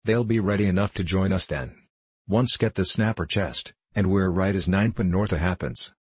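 Hulking savage convict brute, husky and low; man reads it. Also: moderate pace, dry recording. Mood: grudging. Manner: savage, gruff, slangy threats. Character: hulking brutish male convict giant.

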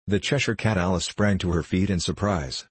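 A man with a husky voice reading a storybook as an audiobook narration in a measured way. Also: sits low, dry recording.

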